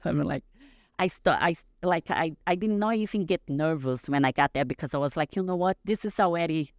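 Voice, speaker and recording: A woman's voice: sits low, fairly quick, no room sound. Woman guest on a podcast, chatty storytelling, lots of fillers, dead dry sound. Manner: animated, acts out dialogue, many fillers. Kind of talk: storytelling in casual conversation.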